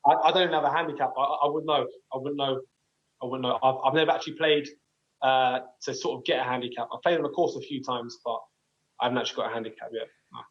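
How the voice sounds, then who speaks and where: A man in his twenties, a footballer, answering interview questions in a relaxed, modest, hesitant way. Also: mid-range voice, fast, muffled recording. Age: 20s. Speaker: professional footballer.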